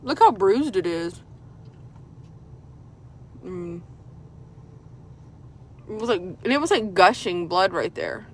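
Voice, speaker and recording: A woman vlogger chatting casually from her car, telling a story in an animated way and swearing often. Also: lowish voice, slow pace, pauses often. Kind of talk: casual chat. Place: car while driving. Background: vehicle noise.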